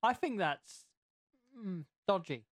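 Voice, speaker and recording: A man's voice: sits high, animated, slow pace, dry recording. A man hosting a casual podcast chat, rambling and rewording himself as he goes. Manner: rambling, keeps rewording himself mid-sentence. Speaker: podcast host.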